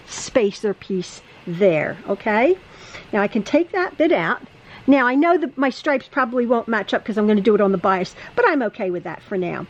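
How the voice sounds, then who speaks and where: Chatty high-voiced woman teaching sewing. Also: rough recording. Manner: chatty, repeats herself, stammers and restarts. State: a little out of breath. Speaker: quilting teacher. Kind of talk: casual sewing tutorial. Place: home sewing room.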